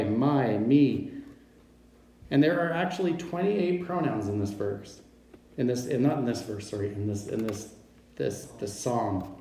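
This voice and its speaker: A man preaching a sermon, slow and emphatic, stressing each pronoun as he reads scripture. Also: medium pitch, dark tone. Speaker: pastor. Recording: very echoey room.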